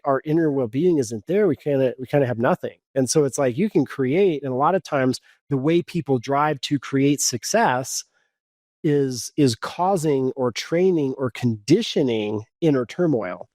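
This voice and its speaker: A man in his forties from Kansas talks as a podcast guest, winding through his stories with constant "like" and "you know". His voice sits at an ordinary pitch for a man. The sound is dry and close, with no room echo. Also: moderate pace, a little mellow. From Kansas, USA. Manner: rambling, lots of "like" and "you know". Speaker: guest coach. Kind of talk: casual podcast storytelling.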